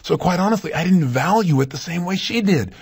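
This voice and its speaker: In a husky, rough-edged voice that sits high with a darkish tone, a man gives a motivational talk at a brisk pace. His intonation is lively, he speaks with emphasis, and he keeps addressing the listener with rhetorical questions.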